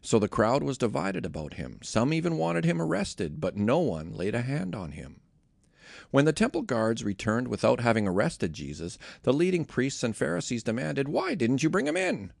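A gravelly, mid-range male voice reads scripture in steady, measured narration, with a lively rise and fall. The recording is close and dry, with no room sound.

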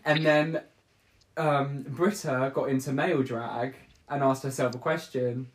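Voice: medium pitch, steady tone, a little slow, slight background noise. A podcast host rambling through a casual chat and laughing often.

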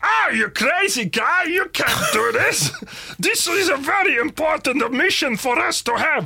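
A broadly mocking, high-pitched impression of an excitable video game character with a vague foreign accent, put on by a man. The voice sits far above his usual range and comes across as deliberately overdone. Delivery is slowed and drawn out. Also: gravelly, full character voice.

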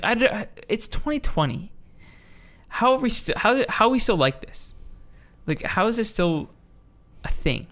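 Role: podcast host. Style: casual chat. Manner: heated, profane rant with frequent restarts. Pitch: middling. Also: fairly bright tone. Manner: ranting, profane, with many restarts.

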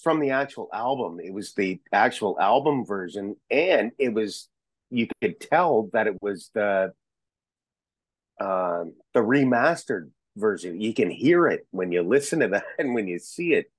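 A man chatting as a podcast guest, an excitable storyteller who rambles and restarts his sentences. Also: fairly low pitch, unhurried, breathy edge, dry recording. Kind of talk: casual chat.

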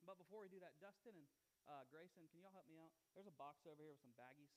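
A male pastor, preaching in a lively, conversational way and acting out the voices of the people in his stories. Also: a little high, fast talker, slight background noise, low-quality recording. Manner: animated, conversational preaching with acted-out quotes. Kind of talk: sermon.

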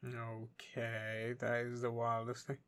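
A man's voice: medium pitch, monotone, slow pace, fairly bright tone, clean tone. Crude, teasing young British man. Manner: crude, teasing, swears a lot. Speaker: podcast co-host. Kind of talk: casual podcast banter.

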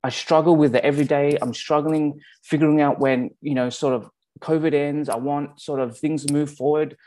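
A man with an Australian accent giving a conversational sermon, often pausing to check in with his listeners. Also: fairly high pitch, steady tone, a little mellow. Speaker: pastor.

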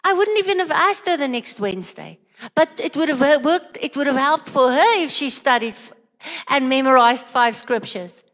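A woman's voice: high voice, big pitch swings, normal speed, a bit bright, big-room sound. A woman preaching a sermon, earnest and questioning, with many repeated rhetorical questions.

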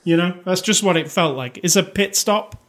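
A man's voice: high voice, moderate pace, a bit bright. A man co-hosting a casual movie review chat, rambling and conversational with lots of fillers. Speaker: podcast co-host.

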